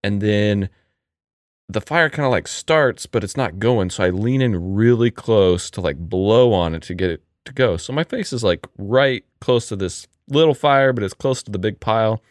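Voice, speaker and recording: A man's voice: on the low side, normal speed, no room sound, clean studio sound. A man co-hosting a podcast, telling stories in a laid-back, casual way. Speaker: podcast co-host. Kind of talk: casual chat.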